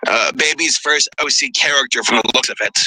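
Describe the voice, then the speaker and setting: A man's voice: mid-range voice, fairly quick, sharp tone, slightly rough, soft background music, low-quality recording. A man narrating a comedic movie review in a sarcastic, exasperated way. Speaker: video reviewer.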